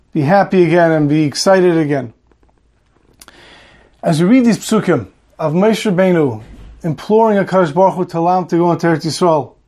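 A man with a high voice teaches a Torah class in a rabbi's way. He tells his story earnestly and ends by pleading with the listeners. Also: a little mellow. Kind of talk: weekly Torah talk with a story.

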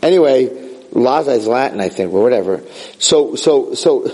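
A man teaching a Torah class in a lively way, mixing in Hebrew phrases and acting out quotes with sudden high outbursts. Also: moderate pace, low-quality recording.

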